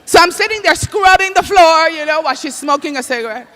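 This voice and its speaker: Flamboyant male host, very high bright voice. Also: animated, fast. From Dominican Republic. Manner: flamboyant, exclaims in Spanish. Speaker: comedy awards host. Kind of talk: stand-up hosting. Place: comedy stage before a live audience.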